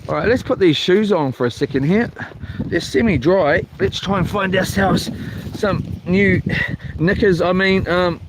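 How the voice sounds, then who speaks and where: A man's voice: high voice, measured pace. A man chatting casually in a camping vlog, rambling with many fillers and mild swearing, recorded outdoors at a coastal campsite. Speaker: camping vlogger. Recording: outdoor wind and noise.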